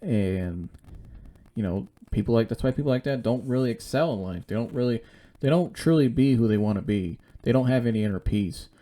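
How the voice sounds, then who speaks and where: Here a man with a medium-pitched, dark voice talks fairly quickly as he hosts his own podcast solo. It's a casual monologue, blunt and rambling, repeatedly doubling back on itself.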